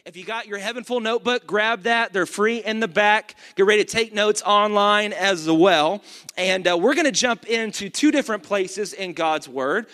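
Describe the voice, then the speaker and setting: A male pastor giving an energetic sermon, reading scripture and calling out to the congregation. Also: high voice. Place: church. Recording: long church reverb.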